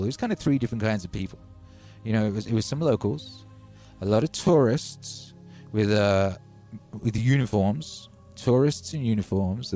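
A man's voice: lowish voice, mellow. A man hosting a livestream, telling rambling, wry stories in a casual chat from home. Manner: chatty, wry storytelling with hype openers. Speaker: livestream host.

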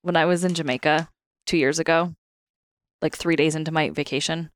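A man hosts a casual podcast, chiming in quickly with chatty personal asides. His voice sits mid-range, and the recording is dry and close. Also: a little high, fairly even intonation, clear, resonant tone, no echo. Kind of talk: casual chat.

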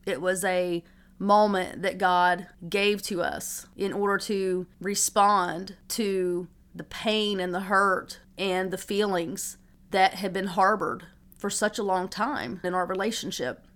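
A woman's voice: medium pitch, steady tone, slow pace, a bit bright. A middle-aged woman, a mother, telling an emotional personal story in an earnest, reflective way.

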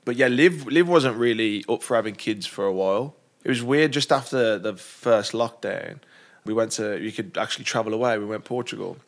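A young man with a fairly low voice, speaking as a guest in a relaxed conversation. He rambles casually and fills his sentences with "like" and small restarts as he opens up. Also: moderate pace. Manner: casual, chatty, peppered with "like". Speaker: podcast guest. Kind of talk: candid conversation.

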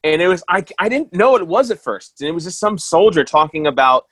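A man in casual political chat, animated and swearing, getting loud and worked up when angry. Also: fairly high pitch, fast, dry recording.

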